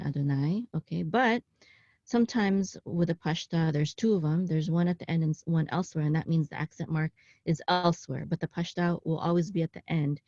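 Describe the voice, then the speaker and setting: A woman with a somewhat low voice walks learners through a Hebrew passage in a casual online class. She pauses often, corrects herself, and checks in with "okay?". The recording is dull and dry, as if from a small, dead room. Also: dark tone, dry recording. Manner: halting, with frequent ums, self-corrections and "okay?" check-ins. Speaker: Hebrew teacher. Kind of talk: casual online class, explaining text on screen.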